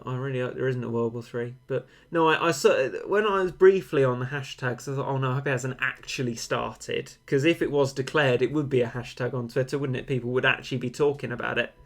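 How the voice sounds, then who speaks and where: A man's voice: mid-range voice, a little fast, hardly any pauses. A young man, a game streamer, chatting casually and rambling, answering viewer comments with mock-dramatic overstatement.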